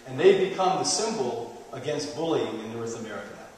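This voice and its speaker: A man's voice: medium pitch, expressive, fairly quick, darkish tone, far from the mic, a little hiss or hum. A middle-aged man giving a live health lecture to an audience, a playful storyteller who jokes as he talks. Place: large hall. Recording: echoey hall, taped from afar.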